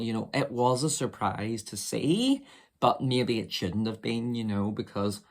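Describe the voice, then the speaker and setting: A young man chatting to camera while reviewing a drink, rambling with lots of fillers, his voice husky from a summer cold. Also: lowish voice.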